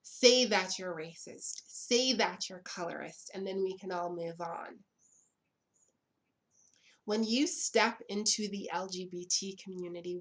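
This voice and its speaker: A young woman vlogging straight to camera, emphatic and blunt, repeating her lines for effect. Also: lowish voice. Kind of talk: impassioned direct-to-camera commentary.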